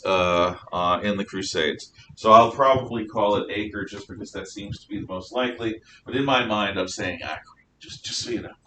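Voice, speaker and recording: Chatty male history teacher, echoey classroom. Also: a bit bright. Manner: chatty, jokey storytelling with asides. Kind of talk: classroom lecture. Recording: echoey room from far off, faint rumble.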